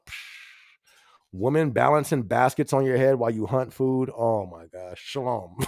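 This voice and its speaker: This livestream podcast host speaks at a medium pitch, keeping things casual with slang, frequent laughter, and repeated phrases. The sound is clean studio audio with no echo.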